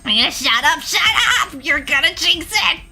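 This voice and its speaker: A woman's voice: sits high, unhurried, soft background music, voice pushed up, full character voice. A woman voicing a giddy teenage schoolgirl who gushes over killing games, reading game dialogue aloud. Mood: teasing. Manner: gushing, excitable, morbidly cheerful.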